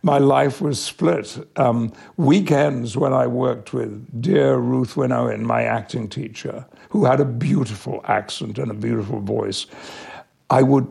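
Gravelly, husky older man. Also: medium pitch, darkish tone. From Yorkshire, England. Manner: measured storytelling with small restarts. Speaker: actor, interview guest. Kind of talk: anecdotal interview answers.

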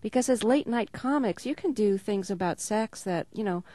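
A woman's voice: medium pitch, expressive, moderate pace, mellow, dry recording. A middle-aged woman interviewing a guest, asking curious questions and laughing often. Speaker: radio interviewer. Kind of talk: radio interview.

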